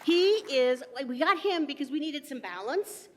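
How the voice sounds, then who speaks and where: A woman's voice: high-pitched, expressive, normal speed. A woman emceeing a comedy show, introducing the next comedian in a casual, giggly way. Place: historic theater stage with live audience. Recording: theater hall reverb with faint room noise.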